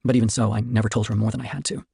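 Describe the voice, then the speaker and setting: Fast gravelly man reading aloud. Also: fairly low pitch, level tone, crowd noise. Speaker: streamer reading a novel. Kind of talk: casual reading aloud of a novel.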